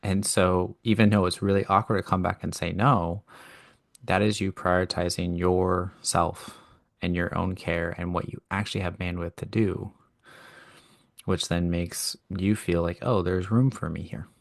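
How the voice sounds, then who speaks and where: A man with a very low, gravelly voice co-hosting a relaxed conversation. He explains things slowly and reflectively and works through everyday examples. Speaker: podcast co-host. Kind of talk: casual chat.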